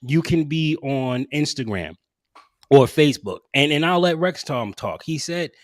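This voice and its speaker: A man's voice: a little high, lively intonation, measured pace, no echo, studio quality. A man hosting a casual podcast panel, talking emphatically and repeating phrases for effect. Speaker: podcast host. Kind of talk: casual group discussion.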